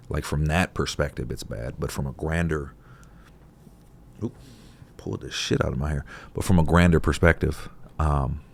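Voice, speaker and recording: A man talking casually and reflectively to camera in a laid-back, profane, conversational way. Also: extremely low pitch. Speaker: vlogger.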